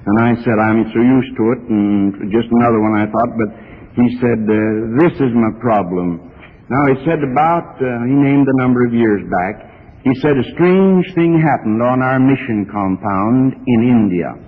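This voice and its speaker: A man's voice: medium pitch, husky. A middle-aged male preacher telling a story in a church sermon, earnest and growing more fervent as he goes. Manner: earnest storytelling with rising fervor. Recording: archival sermon, phone-like and reverberant.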